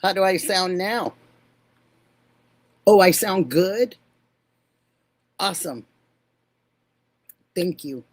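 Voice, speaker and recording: Older lady chatting on her stream, slow easy talk, says hi honey to everyone. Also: lowish voice, animated. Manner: affectionate, calls viewers honey and sweetheart. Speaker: livestream host. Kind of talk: casual live-stream chat greeting viewers.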